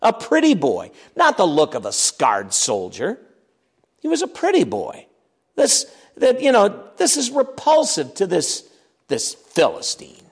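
Lively preacher guy, gravelly, reads the verses big and dramatic, then goes quiet, long hall echo. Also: high voice, a little slow. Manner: lively, emphatic, reads scripture aloud with dramatic swings in volume. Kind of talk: expository sermon.

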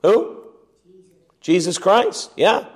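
A man's voice: sits high, lively intonation, extremely slow. A man teaching the Bible verse by verse, reading passages aloud and explaining them with emphasis. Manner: emphatic, reads scripture aloud then explains it.

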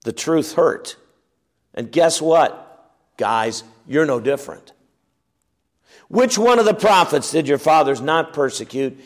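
A man's voice: on the high side, animated, takes it slowly, pauses often. A man teaching the Bible verse by verse, reading passages aloud and explaining them with emphasis. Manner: emphatic, reads scripture aloud then explains it.

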